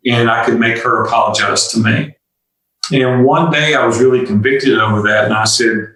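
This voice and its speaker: Older male guest, confessional storyteller, mid-pitch, recorded off-mic in a reverberant room. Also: fairly even intonation, normal speed, bright, forceful tone, recorded from a distance. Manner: earnest, confessional, acts out dialogue. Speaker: guest entrepreneur. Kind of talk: candid storytelling interview.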